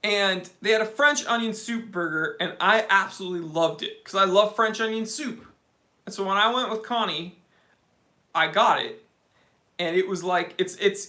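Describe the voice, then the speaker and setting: A young man hosts a casual livestream and tells his story as a comic rant. His voice is bright and forward, and he calls out to viewers by name as he goes. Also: high-pitched. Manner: animated comic ranting. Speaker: livestream host.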